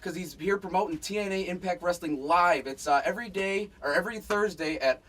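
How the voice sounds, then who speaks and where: A man's voice: high voice, fairly quick, fairly bright tone, distant mic. A man interviewing a guest on a radio show, chatting and laughing along.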